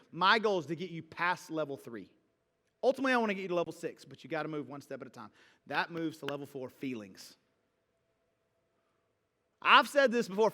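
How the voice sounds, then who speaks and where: Male pastor, high bright voice, conversational sermon storytelling in a long-reverb church hall. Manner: conversational, animated storytelling with a call-and-response feel. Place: church sanctuary.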